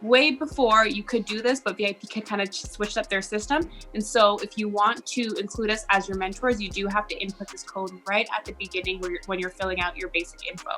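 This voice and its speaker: A woman's voice: medium pitch, fairly even intonation, fairly quick, few pauses, pushed and bright, soft background music. A woman mentor explaining an online teaching mock class in an upbeat, encouraging way. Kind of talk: instructional video chat.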